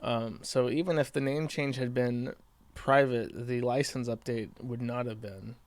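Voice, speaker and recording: A man's voice: mid-range voice, steady tone, measured pace, dry recording. A man hosting casual commentary on an archived clip, rambling and hedging with many fillers and some swearing. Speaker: commentary host.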